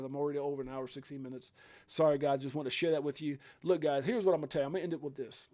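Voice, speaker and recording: A man's voice: on the high side, a little mellow. A middle-aged man hosting a live crypto stream, talking in a heartfelt, emphatic way with many fillers and restarts. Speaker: crypto livestream host.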